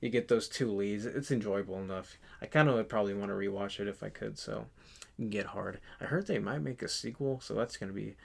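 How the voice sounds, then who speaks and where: A man's voice: fairly low pitch, vocal fry. Rambling young man in his twenties. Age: 20s. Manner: rambling, halting, lots of fillers and restarts. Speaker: channel host. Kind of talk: casual movie collection vlog.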